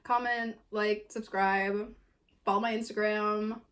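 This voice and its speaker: A woman's voice: mid-range voice, flat delivery, slow, fairly bright tone. A young woman telling a storytime vlog, casual, packed with filler words and swearing. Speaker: vlogger.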